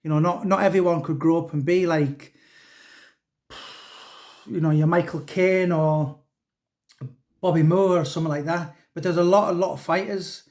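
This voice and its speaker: A man with a somewhat high voice chats in a loose, rambling way. He restarts his sentences often and tacks on fillers as he goes. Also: fairly even intonation, normal speed, pauses often, darkish tone. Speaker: author. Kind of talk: casual chat.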